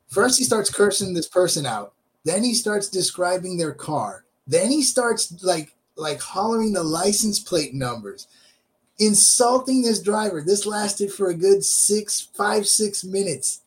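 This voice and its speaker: A man's voice: high-pitched, expressive, measured pace, rough recording. A man hosting a casual podcast who laughs often and talks to his listeners as folks. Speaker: podcast host.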